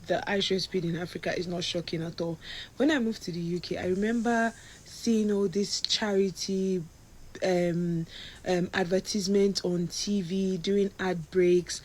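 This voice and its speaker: A woman's voice: mid-range voice, a little mellow, rough recording. A woman from Nigeria who moved abroad, earnestly explaining her view in a reflective commentary.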